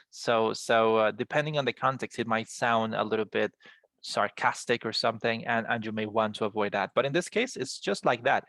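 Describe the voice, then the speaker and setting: A man's voice: mid-range voice, a bit bright, no room sound. Man, English teacher, encouraging, repeats words, video call, dry. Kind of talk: online class teaching.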